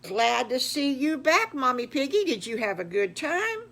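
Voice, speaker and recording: A woman's voice: sits high, very animated, normal speed, a bit bright, pitched above the performer's own voice, exaggerated voice. An older woman voicing a friendly man who rents boats in a spoken children's story.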